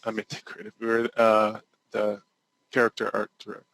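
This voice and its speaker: Hesitant low-voiced man on a call. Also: completely flat delivery, creaky, a bit bright, poor audio. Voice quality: hesitant, halting. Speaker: class participant. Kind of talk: hesitant casual call talk.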